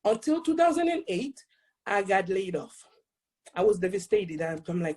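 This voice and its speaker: A woman in her forties with a thick Haitian accent, sharing a personal testimony as an invited speaker in an excitable way that is quick to laugh. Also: on the high side, breathy edge. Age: 40s.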